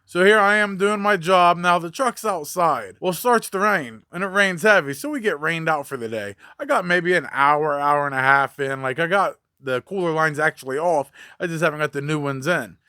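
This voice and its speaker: High, sharp-voiced man telling a story. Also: moderate pace, few pauses, clean tone, no echo, clean studio sound. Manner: blunt, profane, conversational. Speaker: mobile mechanic. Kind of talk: casual storytelling.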